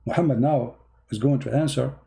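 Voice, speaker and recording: A man's voice: mid-range voice, fairly quick, creaky, dark tone. A man giving mocking, emphatic religious commentary in non-native English, full of sarcasm. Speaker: religious debater.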